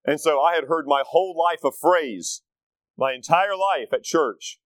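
A man's voice: a little high, unhurried, no echo, rough recording. A middle-aged man, preaching a conversational sermon with folksy asides to the congregation. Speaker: pastor.

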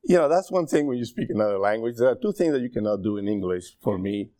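A man's voice: fairly low pitch, lively intonation, quick pace, warm tone, no room sound, clean studio sound. A middle-aged man with a Spanish accent, a native Spanish speaker, preaching a sermon in a conversational way and often checking in with his listeners.

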